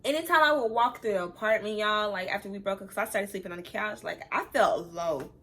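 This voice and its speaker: A woman's voice: medium pitch, a little fast, sharp tone. A young woman telling a personal story time on her vlog, candid and chatty, talking straight to her viewers and close to tears at times. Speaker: vlogger.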